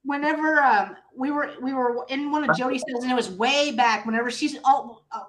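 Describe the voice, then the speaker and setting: A high-voiced woman joins a video call as an online seller. She chats casually and good-humored, with short replies and easy laughter. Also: brisk, a bit bright.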